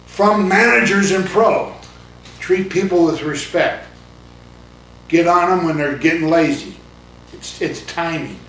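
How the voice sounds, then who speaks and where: A man's voice: fairly high pitch, lively intonation, a little slow, long pauses, fairly bright tone, slight background noise. Blunt older man, roomy distant sound. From California. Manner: blunt, no-nonsense, rambling with fillers. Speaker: interviewee, former baseball coach. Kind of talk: casual oral-history interview. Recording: roomy, distant mic, faint ambience.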